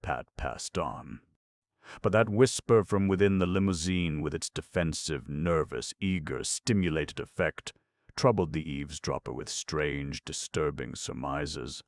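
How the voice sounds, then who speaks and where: A man narrating an audiobook in a measured, expressive reading. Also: very deep voice, dry recording, clean studio sound. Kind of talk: scripted narration.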